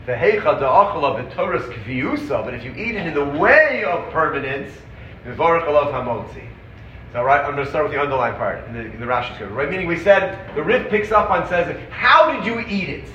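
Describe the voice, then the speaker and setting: A man teaching a Torah class, animated and quick, acting out the sources he quotes. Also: on the high side. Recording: roomy, dull audio with faint background noise.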